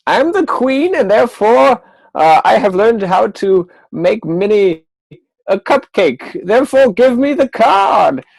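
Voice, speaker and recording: A man's voice: sits high, very animated, takes it slowly, gravelly, no room sound, pitched above the performer's own voice, heavily acted, low-quality recording. A man putting on a haughty old card queen. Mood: pompous. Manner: pompous, demanding, mock whiny.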